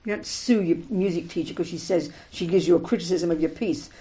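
A woman giving a spiritual talk to a group, emphatic and animated, acting out little everyday scenes as she explains. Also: fairly low pitch, fairly quick, poor audio. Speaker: Buddhist teacher.

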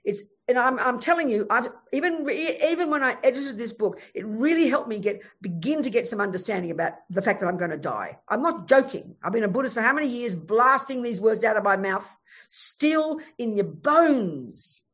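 A woman's voice: on the high side, moderate pace, slightly rough. A woman giving a Buddhist teaching, emphatic and frank, telling stories as she goes. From Australia. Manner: animated, emphatic, frank storytelling. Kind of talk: Buddhist dharma talk.

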